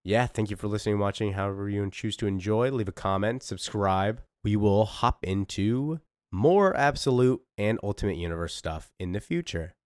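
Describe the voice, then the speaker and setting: Excitable man recapping comics, low voice. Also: normal speed, no room sound, studio quality. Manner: excitable, emotional. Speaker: comic book reader and youtuber. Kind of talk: casual comic recap and reading.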